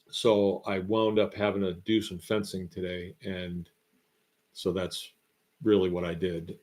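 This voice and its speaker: A man hosting a casual farm live stream, telling rambling folksy stories and reading out viewer comments. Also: sits low. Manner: rambling, folksy storytelling with drawn-out asides.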